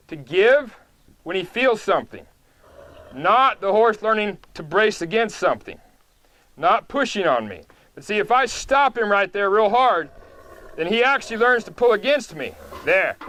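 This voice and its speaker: Outdoors, a man with a fairly high voice leads a live horse-training demonstration. He stays calm and patient, explaining each small step plainly and without hurry.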